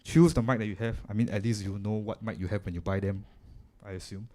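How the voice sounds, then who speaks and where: Mellow Singaporean man demonstrating audio gear. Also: on the low side, steady tone, quick pace. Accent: Singaporean English. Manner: casual, chatty explaining with asides; talks while chewing gum. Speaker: workshop presenter. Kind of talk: live technical demonstration. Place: live event room.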